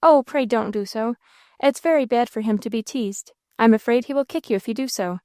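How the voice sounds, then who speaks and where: A frightened young girl, pleading earnestly and anxiously, as a woman narrator puts her on. The voice is lifted a little higher than the narrator's own, and the recording is dry and close. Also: a little fast, darkish tone, dry recording, close to an everyday voice.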